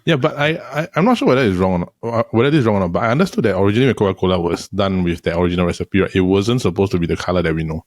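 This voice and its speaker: Low-voiced, fast Singaporean man. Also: no echo, clean studio sound. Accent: Singaporean English. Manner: earnest, explaining, quick. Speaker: podcast co-host. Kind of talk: casual podcast chat.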